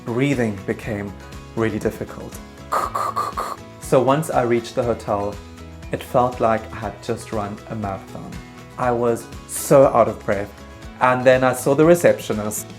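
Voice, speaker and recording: A man telling a comedic travel story in a vlog, animated and self-mocking, slipping into quick put-on voices. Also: medium pitch, soft background music.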